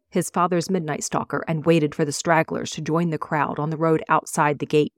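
A woman reads her own fantasy novel aloud in a measured, expressive way. Her voice sits low. The sound is dry and close. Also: no room sound, soft background music. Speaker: author reading her novel. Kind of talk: audiobook reading.

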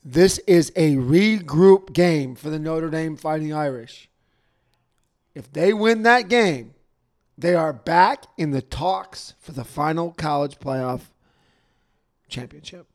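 Casual sports co-host, male, higher-pitched, excitable and jokey, volume up and down. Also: takes it slowly. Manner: excitable, jokey, swings between loud and mumbled. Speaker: podcast co-host.

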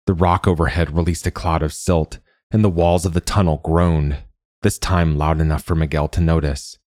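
A man narrating a story in a measured, steady way, like a scripted audiobook. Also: a bass voice, no room sound, clean studio sound.

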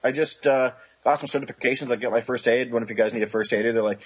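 Man, twenties, very husky voice, casual podcast chat, rambling, swearing, acts out quotes. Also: medium pitch, quick pace, poor audio. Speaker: podcast co-host.

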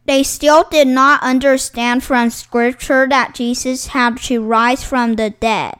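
A woman reading Bible passages aloud in a slow, formal, measured way, setting each phrase apart. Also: high-pitched, steady tone, a bit bright, clear, resonant tone. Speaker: scripture reader.

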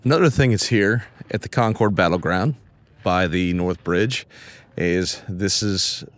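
A man's voice: deep voice, a little slow, dry recording. Man narrating a travelogue outdoors. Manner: reads monument inscriptions aloud with relish. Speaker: podcast host. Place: outdoors at historic sites.

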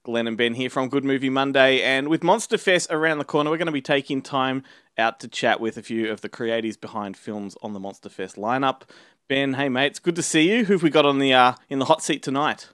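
A man's voice: mid-range voice, fairly quick, a bit bright, clear, resonant tone, no echo, clean studio sound. A man co-hosting a movie show, opening the episode in an upbeat, friendly presenter manner. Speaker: co-host. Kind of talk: show introduction and casual chat.

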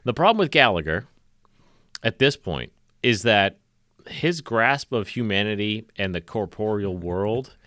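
A man's voice: lowish voice, expressive, measured pace, fairly bright tone, dry recording, studio quality. A man co-hosting a comedy podcast in casual chat, rambling and poking fun at himself. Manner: rambling and self-mocking. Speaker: podcast co-host.

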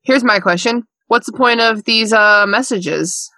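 A woman's voice: fairly high pitch, measured pace, bright, forceful tone, no echo. A woman co-hosting a podcast in a casual, laughing chat, swearing freely and talking with enthusiasm. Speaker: podcast co-host.

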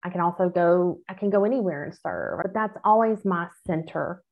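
A woman's voice: on the low side, normal speed, vocal fry. A woman nurse talking in a casual podcast conversation, earnest and emphatic, speaking from a faith-centered outlook. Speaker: nurse guest. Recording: tinny phone-like line.

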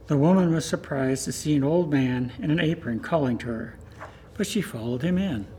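A man's voice: a little high, normal speed, slightly rough. Man reading a story in church. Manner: steady, plain storytelling. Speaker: reader in a church service.

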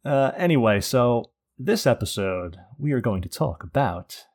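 A man's voice: mid-range voice, lively intonation, unhurried, a little mellow. A man hosting a casual gaming podcast, crude and sardonic, swearing often. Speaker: podcast host.

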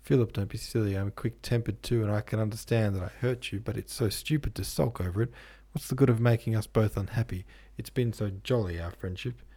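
A man reading the part of a hurt young woman pleading with the man she loves, in a soft, earnest voice. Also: lowish voice, a little fast, few pauses, slightly rough.

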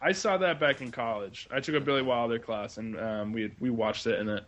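A man co-hosts a relaxed film podcast. He talks at length and keeps stopping on "uh" and "um" as he gathers his thoughts. He sounds like a regular on the show. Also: mid-range voice, brisk. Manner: rambling, many "uh" and "um" fillers. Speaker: podcast co-host. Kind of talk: casual film podcast chat.

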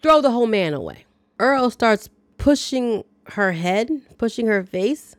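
A woman's voice: a little high, animated, measured pace, dry recording. A woman podcast host giving a chatty, wry, dryly joking casual recap of a movie. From lives in the American South.

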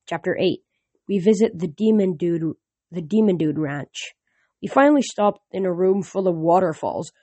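A man casually reading a novel aloud, halting with restarts, recorded on a phone lying nearby. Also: high voice, dark tone, no echo. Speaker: audiobook reader.

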